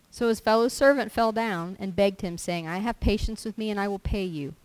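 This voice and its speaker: A woman's voice: mid-range voice, a little fast, few pauses, a little mellow, clear, resonant tone, poor audio. A woman preaching a sermon, reading a scripture passage aloud and explaining it, sometimes acting out everyday complaints in character. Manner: reads scripture aloud then applies it, acting out quoted complainers.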